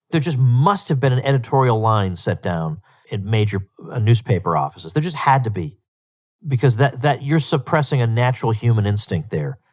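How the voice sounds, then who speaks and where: Male podcast host, solo commentary, emphatic, incredulous, repeats words for stress, mid-pitched voice.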